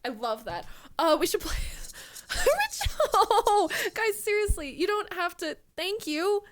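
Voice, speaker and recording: A young woman in her twenties streaming live, excitedly thanking donors, swearing and fighting back tears. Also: very high-pitched, a little slow, slight background noise. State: close to tears. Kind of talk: casual live-stream chat.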